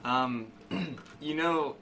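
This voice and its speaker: A man speaking as a player in a tabletop game, narrating his character's actions with quick asides. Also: on the high side, bright, forceful tone, slight background noise.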